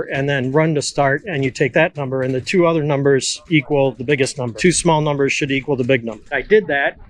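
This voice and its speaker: A man's voice: a little high, slight background noise, low-quality recording. A middle-aged man, a boat mechanic, chatting casually to the camera and explaining his repair work step by step. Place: on and around boats at a marina.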